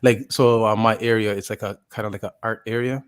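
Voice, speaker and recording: A man's voice: on the low side, steady tone, a little fast, clean tone. A man casually telling a long story on a podcast, rambling with lots of fillers and restarts and acting out what people said. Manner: rambling, full of "like" and restarts, acts out quotes. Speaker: podcast co-host.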